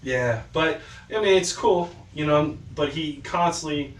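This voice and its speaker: A man's voice: on the high side, unhurried. Podcast host, male, casual storyteller, does voices for quotes, roomy distant mic sound. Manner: loose storytelling, quoting people in put-on voices. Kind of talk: casual chat. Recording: echoey room, far from the mic, faint noise.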